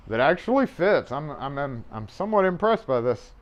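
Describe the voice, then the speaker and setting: A man streams live from his locksmith shop, picking at a lock while he rambles in an offhand way, with the odd curse and chuckle. He sounds very animated, with a slightly high voice at moderate speed, and the mobile mic leaves the audio dull.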